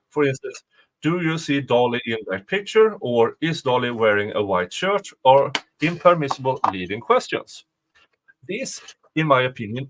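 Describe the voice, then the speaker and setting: A man talking casually on a livestream, reading a legal filing aloud and then breaking off into his own commentary. He rambles, restarts his sentences and corrects himself as he goes, and his asides have a sarcastic edge. His voice sits at an ordinary middle pitch. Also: sing-song, a little slow, low-quality recording.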